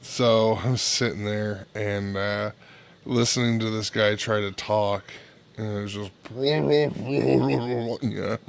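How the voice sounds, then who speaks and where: A man co-hosting a casual online talk show, telling a story haltingly with swearing and laughter. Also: fairly low pitch, fairly even intonation, vocal fry, clear, resonant tone. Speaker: podcast co-host. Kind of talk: casual chat.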